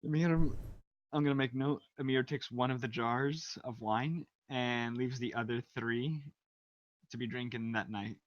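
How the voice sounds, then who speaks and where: A man's voice: mid-range voice, fairly even intonation, measured pace, dull audio. A man playing in a tabletop game, narrating his character's actions in a mild, polite way. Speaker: player.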